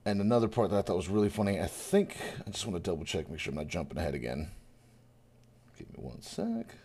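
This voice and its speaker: Low-voiced man, animated retelling. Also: quick pace, husky. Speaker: podcast co-host. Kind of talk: casual chat.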